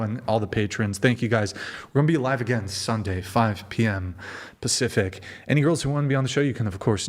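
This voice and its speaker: A man in the host's chair of a late-night livestream talk show, plainly at a middle pitch. He jokes with the panel, reads out shout-outs and slips into silly accents now and then. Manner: joking, animated, puts on silly accents. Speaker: host.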